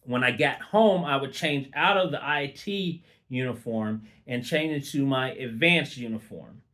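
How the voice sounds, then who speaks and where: A man's voice: mid-range voice, unhurried, fairly bright tone. A middle-aged man telling an unscripted personal story in a casual, rambling way, with fillers and restarts. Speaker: vlogger.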